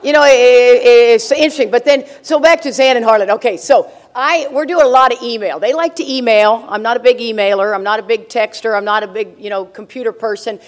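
A woman's voice: fairly high pitch, fairly quick, few pauses. An older woman speaking at a recovery meeting, telling stories with brash, joking humor and frequent laughter. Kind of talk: humorous storytelling talk to an audience.

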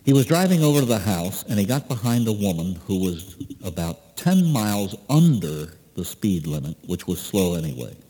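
A man delivering a sermon in a big, reverberant church, his low, husky voice swinging widely as he tells a story. The tone is mellow and folksy. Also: sing-song, moderate pace, hardly any pauses. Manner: folksy storytelling, acting out dialogue with rising pitch. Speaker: priest. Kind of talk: sermon with a told anecdote. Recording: long reverb of a large hall.

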